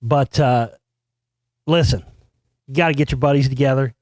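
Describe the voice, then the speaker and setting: This show host speaks at a normal speed with fairly even intonation, captured as clean studio sound without echo. His monologue is a swaggering, foul-mouthed party brag, and when he quotes the people involved he bursts out loud and high.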